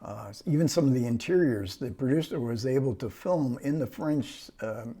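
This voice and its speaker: A man's voice: medium pitch, moderate pace, dark tone, slightly rough. A man giving a casual spoken film review, rambling and hesitant, with many fillers, restarts and small chuckles. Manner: chuckles between phrases.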